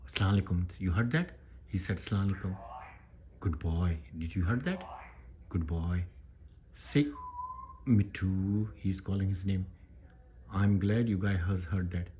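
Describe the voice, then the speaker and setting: Low-voiced Pakistani man vlogging. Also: dark tone, slightly rough. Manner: halting English with many fillers and restarts. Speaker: YouTube channel host. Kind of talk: casual home vlog.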